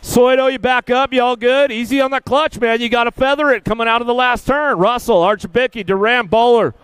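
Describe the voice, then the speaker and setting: A man announces a live BMX race outdoors with a very high, smooth voice. He fires off rider names and positions in rapid bursts and jokes around with the racers. The sound is close and dry. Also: no echo. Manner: excitable, chummy with riders.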